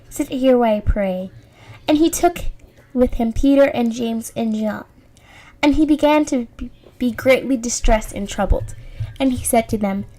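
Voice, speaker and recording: A woman reading scripture aloud in an earnest, steady way, with small restarts. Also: a little high, rough recording. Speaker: Bible reader.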